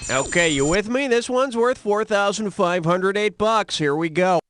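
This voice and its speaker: A man's voice: high-pitched, animated, moderate pace, very noisy. A man playing a brash, jokey game show host, hosting a comedy quiz with wisecracks. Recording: game audio over loud music.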